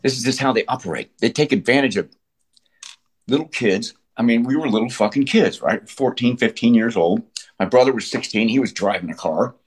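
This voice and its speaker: A man in his sixties, appearing as an interview guest, tells his story candidly in a husky, medium-pitched voice that moves a little fast. He's blunt and profane and often restarts his sentences.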